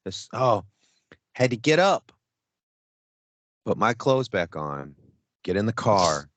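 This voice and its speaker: A man's voice: lowish voice, slow, slight background noise. A man co-hosting a podcast, telling a rambling story in casual, profane chat and acting out his own quotes. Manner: animated, profane, acts out quotes. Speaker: podcast co-host.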